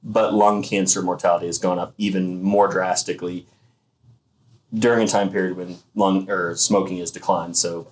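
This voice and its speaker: Deep-voiced man explaining emphatically. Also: level tone, low-quality recording. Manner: emphatic, explanatory, fast-flowing. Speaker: thermography clinic co-owner. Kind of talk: casual health discussion.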